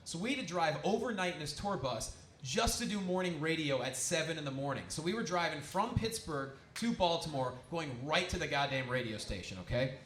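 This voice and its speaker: A man's voice: on the high side, animated, a little fast, fairly bright tone. A man telling a loose, chatty stand-up comedy story, full of "like" and asides. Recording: echoey room.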